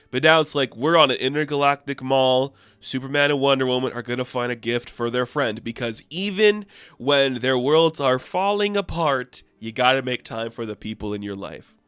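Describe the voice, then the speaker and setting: Brief: enthusiastic male comic reviewer, smooth clear voice, dry close sound. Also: medium pitch, normal speed, fairly bright tone, dry recording. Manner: chatty, enthusiastic, laughs often.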